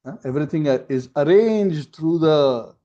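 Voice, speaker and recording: A man's voice: a little high, animated, moderate pace, dark tone, lightly acted. A man voicing a learned male demon king who chides a rival with rhetorical questions, on a dull lo-fi recording. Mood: chiding. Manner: chiding, rhetorical.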